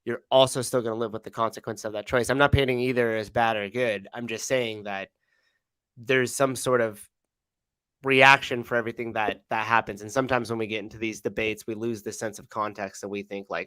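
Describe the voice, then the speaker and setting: A man's voice: lowish voice, fairly even intonation, fairly quick, fairly bright tone, clear, resonant tone, dry recording. A man co-hosting a podcast who talks in a reflective way, full of "like", and swears casually. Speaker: podcast co-host.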